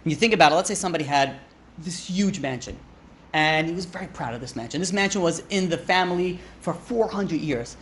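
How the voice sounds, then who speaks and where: A man's voice: fairly high pitch, a little fast, fairly bright tone, a little hiss or hum. A man, a rabbi, teaching an informal class in a chatty, joking way, often asking "right?" and "you know".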